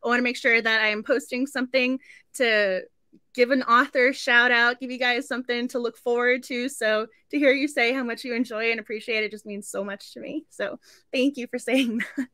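A woman hosts a book club stream in a chatty, effusive way, laughing often. Her voice sits high and sounds bright and sharp. The sound is close and dry, with no room around it. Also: steady tone, a little fast, no echo. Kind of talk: casual live-stream chat.

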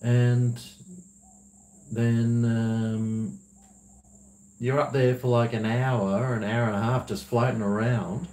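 A man hosts a livestream in a loose, rambling way, laughing often as he reads out viewer messages. His voice sits at an ordinary middle pitch. The room gives it a noticeable echo. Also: little pitch movement, slow, pauses often, dark tone. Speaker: livestream host. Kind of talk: casual livestream chat, reading viewer messages. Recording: roomy echo.

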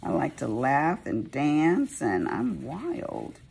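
A woman's voice: very deep voice, huge pitch swings, takes it slowly, vocal fry, darkish tone, slight background noise. A woman chatting casually while she crafts, rambling and poking fun at herself. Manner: rambling, chatty, self-mocking. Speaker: craft vlogger.

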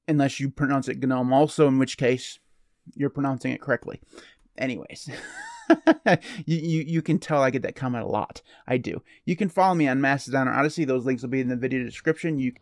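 A man's voice: medium pitch, fairly quick, no echo. Rambling male tech vlogger, dry sound. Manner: rambling, self-deprecating, jokey. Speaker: channel host. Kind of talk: casual solo talk to camera.

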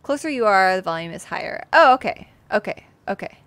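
A woman's voice: medium pitch, lively intonation, a little fast, fairly bright tone. A woman streaming and playing her own game, chatting casually, joking at herself and talking to things on screen. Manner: chatty, self-mocking, talks to the game. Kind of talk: casual gameplay livestream. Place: sunny room.

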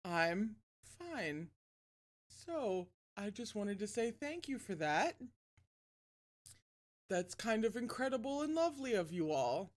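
A woman hosting a casual livestream, chatting warmly and self-deprecatingly between reading a novel aloud. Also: mid-range voice, sing-song, slow, pauses often.

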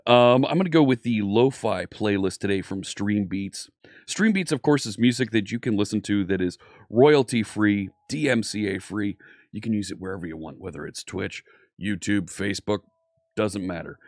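Upbeat male streamer, lowish voice, dry close mic, chatty teacher greeting viewers. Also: moderate pace, a little mellow, no echo. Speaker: live stream coding teacher. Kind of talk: casual live-stream chat.

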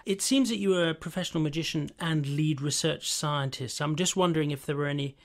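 A man's voice: on the high side, fairly quick. A man interviewing a guest, asking curious, polite questions.

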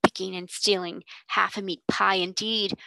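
A woman's voice: mid-range voice, level tone, normal speed, vocal fry, sharp tone, no room sound. Storybook: woman reading as a harsh, scolding headmistress. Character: stern, angry boarding-school headmistress.

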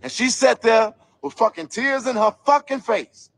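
A man's voice: very high voice, expressive, moderate pace, creaky, fairly bright tone, no echo. A man giving an angry vlog commentary rant, heated, profane and emphatic. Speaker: commentator investigating a local scandal.

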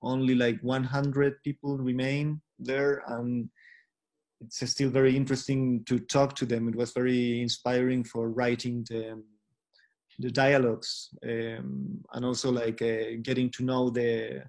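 A man in his forties, a filmmaker, answering interview questions over a video call, halting and often restarting as he searches for words. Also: medium pitch, flat delivery, a little mellow. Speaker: filmmaker guest.

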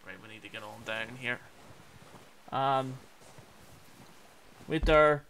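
A man's voice: medium pitch, slow pace, fairly bright tone, a little hiss or hum. A young man in his twenties with a Belfast accent, chatting with viewers and exclaiming as he plays a video game. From Northern Ireland. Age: 20s. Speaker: gaming streamer. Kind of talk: casual gameplay commentary chatting with viewers.

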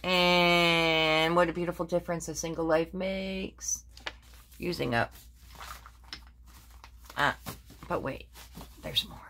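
A woman's voice: lowish voice, fairly even intonation, slow, pauses often, fairly bright tone, a little hiss or hum. An older woman chatting casually in a crafting vlog, rambling through her projects with many fillers and self-corrections. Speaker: crafting vlogger. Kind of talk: casual show-and-tell chat.

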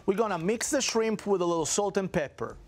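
A man's voice: high-pitched, lively intonation, brisk, slight background noise. A man cooking as a guest chef on a daytime talk show, joking playfully with the hosts as he demonstrates a dish in a studio kitchen. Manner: jokey, playful, with cheerful chatter and laughs.

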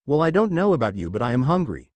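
A man reading the lines of a brash, cocky teenage boy ninja in a storybook, in a lively voice. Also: mid-range voice, fast talker, dry recording. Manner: cocky and blunt.

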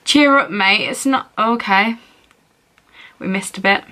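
A woman's voice: mid-range voice, slow, bright, forceful tone. A young woman vlogging as she plays a phone game, reading messages aloud in a playful, giggly way.

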